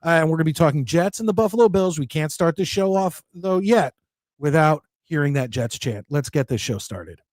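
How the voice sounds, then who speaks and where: A man hosting a live sports talk show, chatty and excited, reading viewer comments aloud. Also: a little high, brisk, no room sound. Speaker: host.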